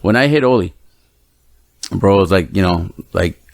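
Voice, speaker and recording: Laid-back low-voiced man chatting. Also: lively intonation, a little slow, gravelly. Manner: laid-back, rambling, laughs often. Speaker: podcast co-host. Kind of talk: casual chat.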